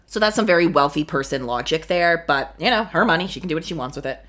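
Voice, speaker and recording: A young woman casually recapping a reality show, snarky and profane, with sudden high exclamations. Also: animated, quick pace, few pauses, fairly bright tone. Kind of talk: casual solo commentary.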